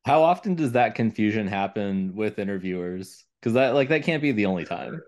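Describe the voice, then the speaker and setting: A man hosting a podcast, asking relaxed, unhurried interview questions. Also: lowish voice. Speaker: podcast host. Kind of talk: casual interview chat.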